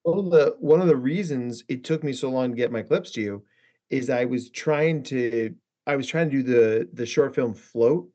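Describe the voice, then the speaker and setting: Man, therapist guest, casual podcast chat, animated storyteller, mid pitch, dull lo-fi sound. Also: normal speed. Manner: animated storyteller, acts out quotes.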